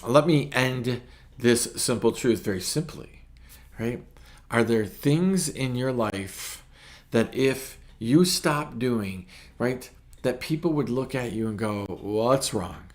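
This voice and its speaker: A man's voice: medium pitch, slow pace. Conversational male preacher, plain mid voice. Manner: conversational, often adding "right?" to check in with listeners. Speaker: pastor. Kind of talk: short sermon teaching.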